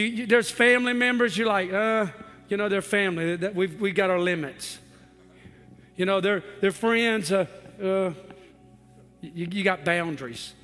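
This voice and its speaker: A man preaching a sermon as pastor, rising to fervent shouts and sinking back to a low voice. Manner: preaches in swelling shouts, then drops to a low quiet voice. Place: church hall with a congregation. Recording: long hall reverb with faint music.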